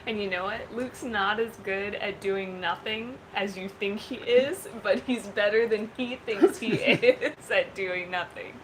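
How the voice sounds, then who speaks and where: A woman's voice: medium pitch, a little slow, few pauses. Casual American woman co-host, thirties, giggly and playful, home room with faint noise. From United States. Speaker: livestream co-host. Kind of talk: casual livestream chat.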